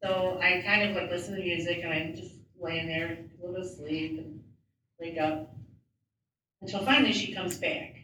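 In a very echoey room picked up by a distant mic with faint ambience and background noise, a woman interpreter voices a first-person personal story. She sounds lowish and steady at a normal pace, plain and conversational, with small restarts.

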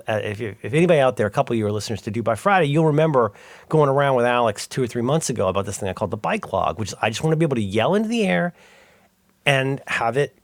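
Man, podcast co-host, loose rambling talker, lively pitch, dry close sound. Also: no echo. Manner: rambling, self-interrupting, animated storytelling. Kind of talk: casual chat.

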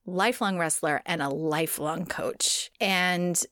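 A woman's voice: lowish voice, unhurried, a bit bright, no echo. A woman casually telling a sumo wrestler's life story to a co-host, laughing at times and digressing. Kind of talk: casual chat.

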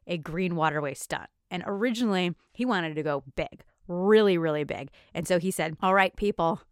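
A woman's voice: on the low side, moderate pace, darkish tone, smooth, no echo, clean studio sound. A woman hosting a history podcast, upbeat and chatty as she tells researched stories and laughs easily. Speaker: podcast host. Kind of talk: casual podcast chat, reading researched history.

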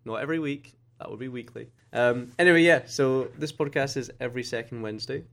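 A man's voice: medium pitch, fast talker, gravelly, fairly bright tone. Giggly man on a podcast. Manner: giggly, self-deprecating, rambling. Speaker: podcast co-host. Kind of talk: casual podcast chat. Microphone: computer mic on a Skype call.

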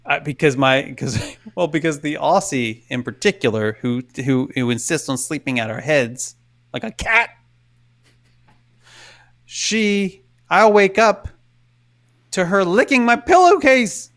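A man's voice: a little high, animated, measured pace, a bit bright. A man co-hosting a podcast in casual chat, telling stories in a rambling, self-interrupting way. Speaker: podcast co-host.

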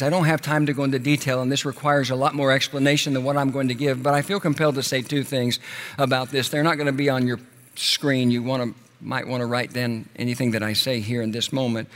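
Impassioned preacher in a reverberant hall. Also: male voice, medium pitch. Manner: impassioned, swells loud then drops soft and slow. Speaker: pastor. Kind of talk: sermon.

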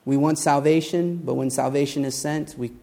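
A male pastor preaching a sermon in a fairly high voice. He rises and falls with emphasis and acts out the voices in a story. His delivery is animated and earnest. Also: moderate pace, creaky.

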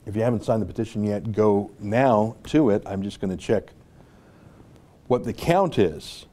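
A man from North America hosts an online show with casual commentary. He rambles and turns sarcastic, breaking off for asides. His voice sounds mellow and warm. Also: fairly low pitch, normal speed.

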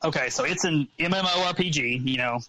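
A man's voice: on the high side, fairly quick, bright, forceful tone, no echo, rough recording. A man who is a guest on a podcast, easygoing and chatty, with many ums as he explains things. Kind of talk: casual podcast chat.

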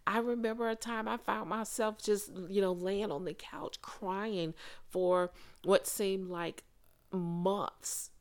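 A woman hosting a faith-based podcast, speaking to listeners in an earnest, conversational way with pauses and restarts. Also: medium pitch, steady tone. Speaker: podcast host.

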